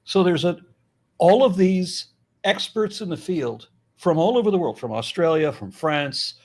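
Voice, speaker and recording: A man's voice: high-pitched, unhurried. Blunt, profane middle-aged American man. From United States. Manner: blunt, profane and animated, with frequent restarts. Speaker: YouTuber and guest. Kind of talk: casual conversation.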